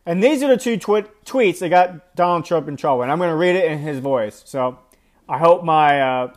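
A man's voice: a little high, lively intonation, normal speed. A man giving casual commentary on a news story in a rambling way, with plenty of fillers. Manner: rambling, filler-heavy delivery.

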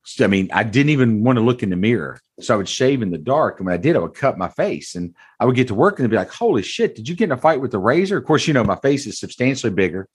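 A man's voice: lowish voice, lively intonation, fast, few pauses, husky. A man in his forties, a car dealership owner, telling his story to an interviewer in a blunt, earnest, folksy way. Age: 40s. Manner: earnest, blunt, folksy, calls host brother. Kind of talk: candid conversational storytelling.

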